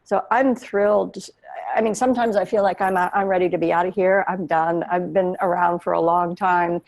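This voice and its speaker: A woman's voice: on the low side, fairly even intonation, normal speed, creaky, darkish tone, dry recording. A woman speaking earnestly about spiritual healing, in flowing, emotive phrases. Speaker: guest. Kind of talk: heartfelt spiritual conversation.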